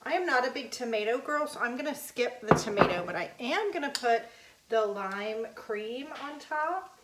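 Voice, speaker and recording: A woman's voice: on the high side, animated, moderate pace, distant mic, background noise. Chatty woman in an echoey kitchen. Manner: chatty, folksy, addresses viewers as y'all. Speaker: cooking vlogger. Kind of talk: casual cooking vlog. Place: home kitchen.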